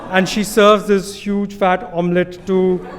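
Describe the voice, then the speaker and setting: A man with an Indian accent and a notably high voice tells a live story from a stage, amused and self-deprecating. His voice rings out through a large hall with a long reverb tail. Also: level tone, a little slow. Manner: amused, self-deprecating, chuckling between lines.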